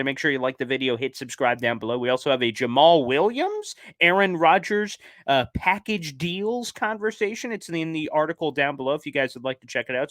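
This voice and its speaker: A man giving casual commentary in a video, excitable, and he talks straight to his viewers. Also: mid-range voice, no echo, studio quality. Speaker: sports commentator.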